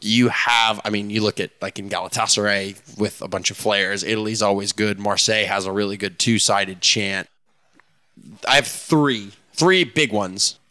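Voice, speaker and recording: A man's voice: fairly low pitch, fairly even intonation, normal speed, pushed and bright. A man hosting a casual sports podcast, talking enthusiastically and laughing often. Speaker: podcast host.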